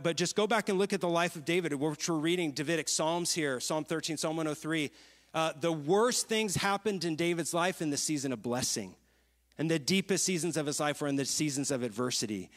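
A man in his thirties preaching a lively sermon, telling stories and asking the congregation questions. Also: a little high, big-room sound. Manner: lively, storytelling, asks the crowd questions. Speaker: pastor.

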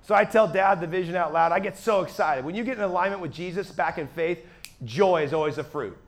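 A high-pitched man gives a sermon testimony to a gathered audience. His delivery is animated, dropping into quiet asides and then rising to excited shouts. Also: fairly quick. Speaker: evangelist preacher.

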